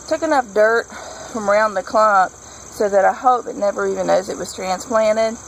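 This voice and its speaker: A chatty, enthusiastic woman talks through her gardening in a rambling, casual way. Her voice carries a gravelly, fry-tinged edge at a middling pitch. Faint outdoor noise with crickets and insects sits behind her. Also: poor audio. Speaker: homesteading vlogger.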